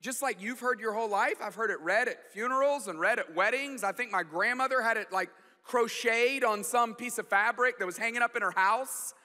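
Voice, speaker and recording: A man in his forties telling a self-deprecating personal story in a sermon, with animated delivery and frequent restarts. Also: very high voice, a little fast, hardly any pauses. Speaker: guest pastor. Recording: long hall reverb.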